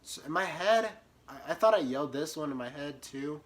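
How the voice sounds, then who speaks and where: A young man telling a comic story about himself, animated, swinging from muttered asides to sudden yelps. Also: on the high side, brisk. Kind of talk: comedic storytime monologue.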